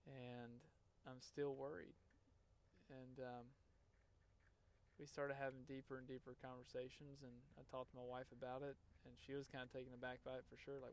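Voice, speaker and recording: A man hosting a podcast, telling a personal story in an earnest, emotional way, halting and restarting as he talks. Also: mid-range voice, completely flat delivery, gravelly, slight background noise. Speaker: podcast host. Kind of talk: personal story, casual monologue.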